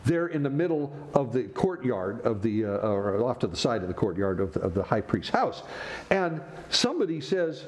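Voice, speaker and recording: A man preaching a sermon as pastor, animated and joking with the congregation between points. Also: medium pitch, a little fast.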